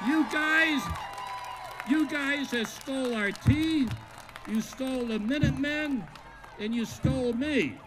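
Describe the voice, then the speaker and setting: Sheriff guy from massachusetts at an outdoor rally, slow and blunt, cracks jokes, shouts sometimes, loud crowd behind. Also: very high-pitched. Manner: blunt, joking, bursts of shouting. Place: outdoors at a state capitol lawn.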